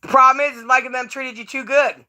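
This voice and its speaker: A woman's voice: high voice, flat delivery, quick pace, bright, forceful tone. A woman streamer who rants with profane, scornful commentary. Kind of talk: ranting live stream commentary.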